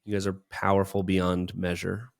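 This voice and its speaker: A man's voice: sits low, completely flat delivery, moderate pace, gravelly. A man co-hosting a casual business podcast, talking in an enthusiastic, praising, rambling way. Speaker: podcast co-host. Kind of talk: casual chat.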